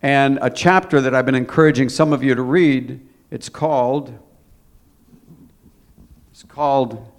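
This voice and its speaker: A male preacher delivers a sermon in an everyday mid-range voice. He urges his listeners again and again, repeating key phrases. He swells into forceful emphasis at his strongest points. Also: mid-range voice. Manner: emphatic, repetitive exhortation with rising intensity.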